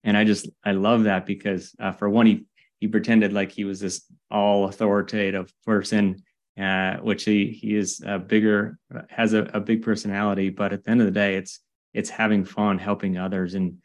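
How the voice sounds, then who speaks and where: Casting: man, podcast host, low monotone, chatty and rambling. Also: normal speed. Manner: rambling, enthusiastic. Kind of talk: podcast interview.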